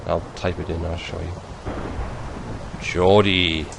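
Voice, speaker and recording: Northern english guy rambling at his screen, lowish voice, keeps restarting sentences, faint hiss. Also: normal speed. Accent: northern English, northeast England. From northeast England. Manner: rambling, self-correcting, chuckling asides. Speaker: vlogger. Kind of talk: casual chat over a screen share.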